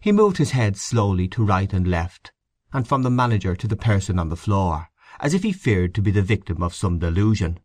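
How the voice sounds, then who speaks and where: A man giving a measured, expressive reading of a short story as its narrator. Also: fairly low pitch, dry recording. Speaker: audiobook narrator.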